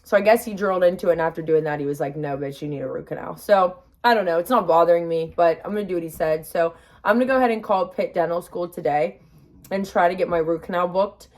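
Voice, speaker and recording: A woman's voice: lowish voice, fast talker, a little mellow. Young woman vlogger, mouth numb from the dentist, talks chatty and upbeat, reassuring herself. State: numb-mouthed after dental work, emotional. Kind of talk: casual vlog to camera.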